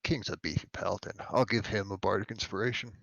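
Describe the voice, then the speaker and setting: A man playing a tabletop game, hesitant with many pauses before stating his moves. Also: fairly low pitch, vocal fry, a bit bright, dull audio. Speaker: player. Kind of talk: casual tabletop play.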